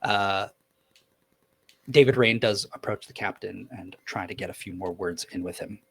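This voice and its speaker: A man's voice: sits low, moderate pace, vocal fry, slightly rough. A young man narrating as dungeon master in a tabletop game, describing scenes loosely with many fillers.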